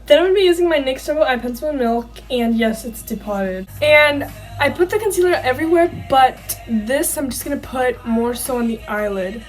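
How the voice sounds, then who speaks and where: A woman's voice: sits high, lively intonation, brisk, rough recording. A young woman chatting casually through a makeup tutorial, a bit self-conscious and giggly. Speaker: beauty vlogger. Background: faint background music.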